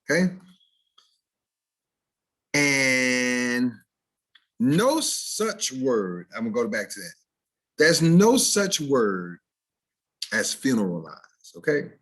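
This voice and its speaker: A man's voice: mid-range voice, takes it slowly, long pauses. A man teaching standard American diction over a video call, playfully acting out the spoken errors he corrects. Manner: animated, mock-playful examples of spoken errors. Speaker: diction instructor.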